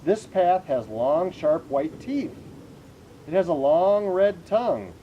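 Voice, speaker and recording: A man's voice: fairly high pitch, very animated, takes it slowly, lo-fi sound, slight background noise. A man voicing a clever, confident male detective while reading a children's picture book aloud, eager and exclaiming as he reasons things out. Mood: excited.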